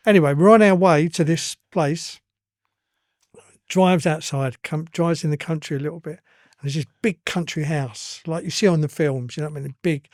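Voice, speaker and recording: A man's voice: a little high, normal speed, no room sound, studio quality. An older man with an East London accent, telling stories as a podcast guest in a blunt, earthy way and swearing freely. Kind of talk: casual storytelling.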